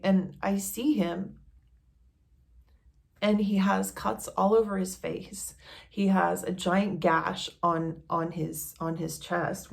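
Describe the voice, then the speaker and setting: Woman with a gravelly vocal fry. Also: medium pitch. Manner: candid, conversational, many "like"s. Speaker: vlogger. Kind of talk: casual personal storytelling.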